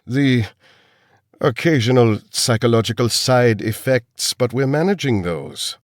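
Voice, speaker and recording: A man voicing a cold, menacing elderly male villain scientist, speaking slowly and calmly. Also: mid-range voice, dry recording, clean studio sound, pitched above the performer's own voice, close to an everyday voice. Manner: calm, menacing, slow.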